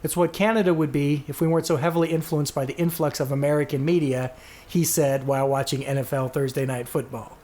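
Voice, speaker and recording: A man's voice: on the high side, fairly even intonation, quick pace, darkish tone. A man co-hosting a podcast, chatting casually and reading out listener answers, rambling and correcting himself as he goes. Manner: rambling, self-correcting, reads quotes aloud. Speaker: podcast co-host.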